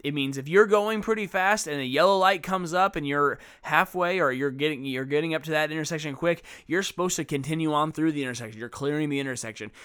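Quick and with few pauses, a middle-aged man's slightly high, fairly bright voice comes through cleanly. He offers conversational advice on managing a classroom of children, illustrating points with examples and role-played classroom exchanges.

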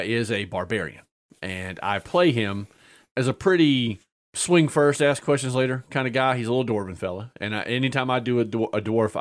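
An easygoing man recounting a tabletop session with loose, unhurried storytelling. His voice sits at an ordinary middle pitch. He scatters "uh"s throughout and laughs at his own jokes. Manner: laughs often while telling a story, with many filler "uh"s. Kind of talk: casual storytelling chat.

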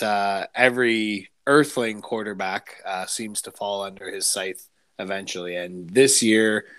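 A man's voice: lowish voice, fairly bright tone, clear, resonant tone. A man co-hosting a podcast, giving thoughtful, rambling football analysis in a casual way. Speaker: podcast co-host. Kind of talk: casual sports chat.

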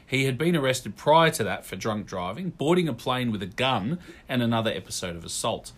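A man's voice: mid-range voice, animated, brisk. A man, co-hosting a casual podcast chat, reading out facts with dry, teasing humor. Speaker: podcast co-host.

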